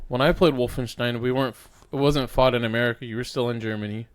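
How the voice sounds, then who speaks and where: A man's voice: medium pitch, fairly even intonation, quick pace, no room sound. A young man co-hosting a podcast in casual chat, loose and swearing freely as he thinks aloud. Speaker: podcast co-host.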